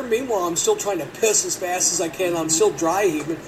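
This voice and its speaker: A man's voice: high-pitched, fairly quick, few pauses. A middle-aged man, a podcast host, telling a long profane story in a rambling casual way. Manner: rambling, profane, animated when quoting. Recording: distant mic with background noise.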